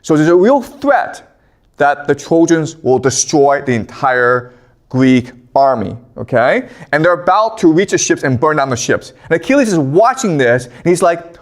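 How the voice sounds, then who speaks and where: A male history lecturer retelling an ancient epic to a class in a casual, animated way. His fairly high voice swings widely in pitch, and he often breaks off to check in with listeners. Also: normal speed. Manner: animated storytelling with casual slang and frequent "okay?".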